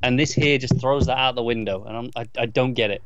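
A man's voice: mid-range voice, fast, no echo. A man in casual podcast talk, insistently voicing his gripes with stammered restarts. His voice sits in the mid range. The recording is slightly dull and dry. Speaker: podcast co-host. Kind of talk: casual chat reviewing a TV episode.

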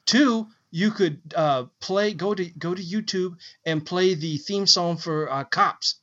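A man co-hosting a podcast, cracking quick jokes in casual chat. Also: sits high, sharp tone, highs cut off. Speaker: podcast co-host.

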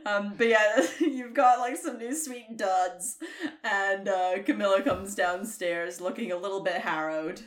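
A woman's voice: mid-range voice, a little slow, reverberant. A woman narrating as game master, giggly and rambling, swearing freely.

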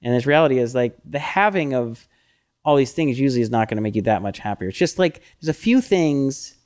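A middle-aged man co-hosting a podcast, chatting casually with lots of fillers and animated when he quotes himself. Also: medium pitch, a little fast, clear, resonant tone. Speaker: podcast co-host. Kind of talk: casual chat.

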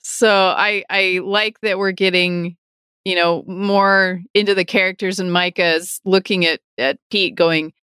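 A woman's voice: fairly low pitch, fairly even intonation, unhurried, fairly bright tone, clean tone, no echo, clean studio sound. A woman co-hosting a casual podcast, talking in a rambling way with restarts. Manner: rambling, with frequent restarts and laughs. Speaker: podcast co-host.

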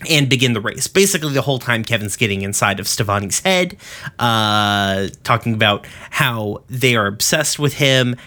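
A man hosting a podcast walks through an episode in a loose, rambling recap. He swears freely and leans on fillers between thoughts. His voice is bright and forceful at a middle pitch. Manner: rambling, profane, lots of fillers. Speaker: podcast host.

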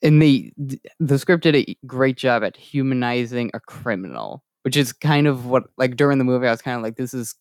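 A man's voice: medium pitch, animated, a little fast, hardly any pauses, clean tone, no echo, clean studio sound. A man co-hosting a casual film discussion, easygoing, often saying "like" and "kinda". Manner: easygoing, says "like" and "kinda" a lot. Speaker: podcast co-host.

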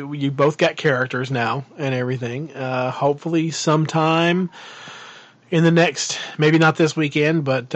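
A man's voice: mid-range voice, no room sound, muffled recording. A man co-hosting a casual podcast chat, rambling with many fillers and restarts as he plans a tabletop game. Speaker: podcast co-host and game master.

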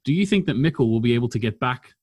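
A man hosting a casual podcast, chatty and quick to laugh, reading out listener comments. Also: medium pitch, expressive, darkish tone, slightly rough, no echo. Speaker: podcast host. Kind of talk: casual chat.

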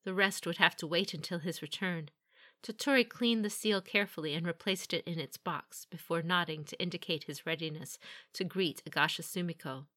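A woman reading a fantasy novel aloud with steady, even storytelling. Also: fairly low pitch, brisk. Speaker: audiobook narrator. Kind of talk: scripted fantasy narration.

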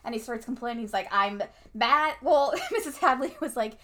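A woman's voice: fairly high pitch, lively intonation, normal speed, fairly bright tone. A woman casually recapping a TV episode with a co-host, chatty and adding her own opinions on the scenes.

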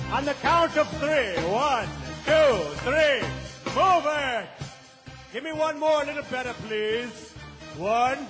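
A man voicing a vain, boastful male lemur king, pompous and hyping up a crowd. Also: extremely high pitch. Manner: pompous, hyped-up, chanting to the crowd. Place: large live event hall. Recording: reverberant hall with music.

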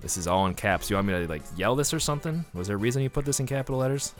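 Sarcastic deadpan male podcast host. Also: fairly low pitch, rapid-fire, soft background music. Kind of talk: comedy podcast ad reading.

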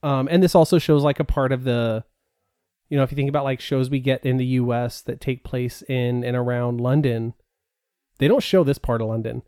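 A man's voice: mid-range voice, fairly even intonation, normal speed, dark tone, smooth, dry recording, studio quality. A man co-hosting a podcast, talking casually with many fillers and restarts. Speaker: podcast co-host. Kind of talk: casual chat.

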